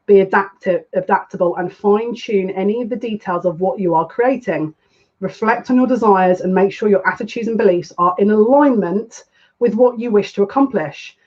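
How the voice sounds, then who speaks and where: Chatty woman as a psychic card reader, mid-pitched voice, dull lo-fi recording. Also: moderate pace, darkish tone. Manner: chatty, with emotional asides, reads aloud from a card book. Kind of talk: live tarot reading.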